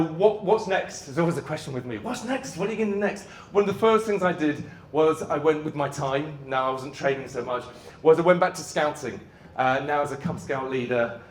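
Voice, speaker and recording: Man, motivational speaker, fairly high voice, dramatic storytelling, echoey venue, faint background hum. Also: recorded from a distance. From Great Britain. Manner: animated, dramatic storytelling with bursts of shouting. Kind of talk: storytelling keynote talk. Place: large event venue.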